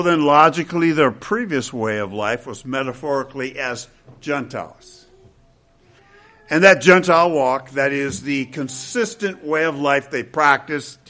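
An older man preaching an expository sermon to his congregation, emphatic and quick with wry asides. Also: a little high, sharp tone. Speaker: pastor.

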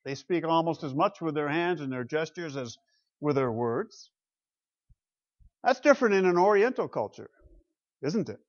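A man's voice: on the high side, lively intonation, normal speed, pauses often, highs cut off. A man preaching a sermon from the pulpit as pastor, talking conversationally and asking the congregation rhetorical questions. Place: church pulpit.

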